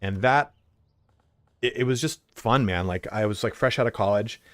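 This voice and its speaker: A man's voice: lowish voice, normal speed, dry recording. A young man streaming from home, chatting casually and telling rambling stories with lots of swearing and filler words. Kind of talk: casual livestream chat.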